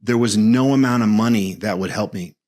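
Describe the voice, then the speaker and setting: Man, 50s, low voice; reflective, earnest podcast guest. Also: fairly quick, darkish tone. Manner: earnest, searching, restarts phrases. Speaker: guest men's coach.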